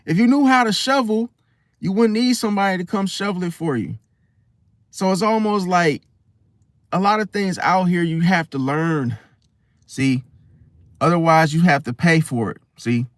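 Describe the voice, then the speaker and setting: A young man talking casually to camera, telling a personal story in an animated, slangy way. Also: fairly high pitch, measured pace, long pauses, no room sound. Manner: animated storytelling, slangy, swings loud and soft. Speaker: host.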